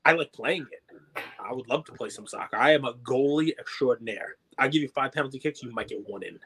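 A man co-hosting a podcast, chatting about sports in an excitable, jokey, rambling way. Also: mid-range voice, brisk, husky. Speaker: podcast co-host. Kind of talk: casual sports chat.

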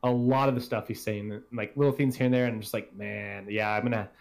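A man's voice: medium pitch, steady tone, fast talker, a little mellow. A man hosting a casual gaming podcast, rambling and swearing freely as he talks. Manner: rambling, profane, self-deprecating. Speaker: podcast host.

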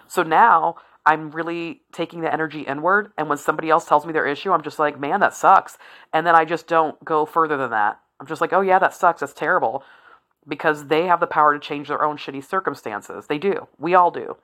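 Speaking briskly with few pauses, a woman in her forties talks candidly by herself in a low yet bright, forceful voice. She's blunt, curses without hesitation, and rambles through tangents, occasionally breaking into a laugh.

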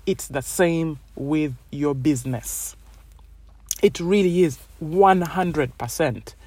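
A woman's voice: low voice, slow, dark tone, no echo. A woman hosting a podcast, talking in a casual, rambling motivational monologue full of "you know"s. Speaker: podcast host.

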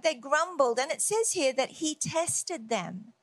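A woman preaching a devotional Bible message with a high voice and an unhurried delivery. She speaks earnestly and leans on repeated words for emphasis. The recording is dry and close. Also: lively intonation, no echo.

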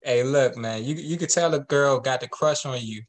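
A man's voice: mid-range voice, moderate pace. A man chats casually. He keeps a laid-back, joking and agreeable tone throughout. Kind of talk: casual chat.

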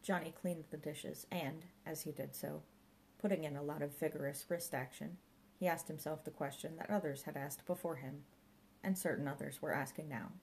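A woman narrating an audiobook in a measured storytelling manner. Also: low voice, steady tone, creaky, a little mellow, a little hiss or hum, poor audio.

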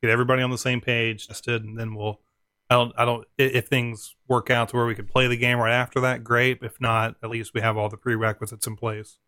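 Male podcast co-host, mid pitch, bright dry close-mic tone, relaxed explainer. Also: fairly quick, no room sound. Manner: easygoing, laughs often, explains technical steps. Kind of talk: casual podcast chat.

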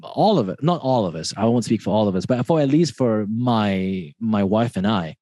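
A man's voice: fairly low pitch, expressive, normal speed, dark tone, no room sound. A man in his thirties with a Malaysian accent, a podcast guest chatting casually, rambling with many restarts and laughing often. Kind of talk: casual interview chat.

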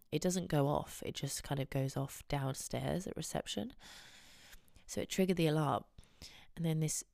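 A woman's voice: sits low, creaky, a little mellow, no echo, clean studio sound. A young adult woman hosting a podcast, chatting casually and telling rambling, giggly stories. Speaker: podcast host. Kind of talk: casual chat.

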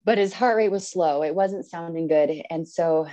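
A woman in her thirties, a podcast guest, telling a personal story in an earnest, animated way and acting out what people said. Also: lowish voice, moderate pace, poor audio. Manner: earnest, animated, acts out quoted speech.

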